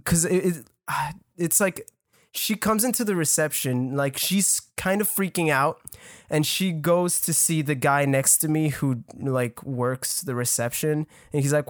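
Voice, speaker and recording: A young man in his early twenties, speaking with a French accent, casually tells a story as a guest, rambling, laughing, swearing a lot and often restarting. His voice sits on the high side and moves a little slowly. The recording is clean studio sound with no room sound.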